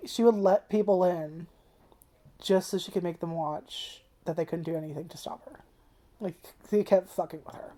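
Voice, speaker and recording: Mellow, low-voiced woman rambling through a review. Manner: rambling and profane, heavy use of "like"; emotional, tearful at times. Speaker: anime reviewer. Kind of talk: casual review vlog. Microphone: camera.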